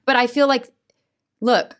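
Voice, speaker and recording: Speaking unhurriedly in a slightly high voice, a middle-aged school board president shares earnest, emotional accounts of her own experiences as a podcast interview guest. She's animated and keeps checking in with a frequent "right?"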